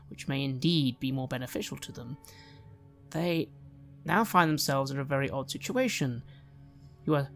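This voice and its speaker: A man narrating a tabletop game as game master in a measured storytelling manner, with music behind. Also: on the high side, bright, forceful tone.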